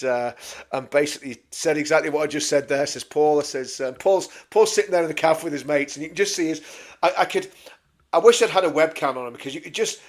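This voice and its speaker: Male co-host, slightly high voice, lively anecdote teller who jumps into voices. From England. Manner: animated anecdote-telling, mimics voices with big pitch jumps. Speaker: co-host of a political livestream. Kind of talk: casual storytelling chat.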